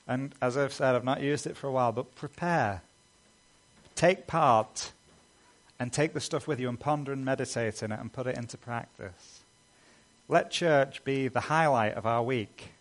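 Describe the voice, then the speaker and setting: A man preaching a sermon as a pastor, earnest and emphatic, building lists of repeated phrases. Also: mid-range voice.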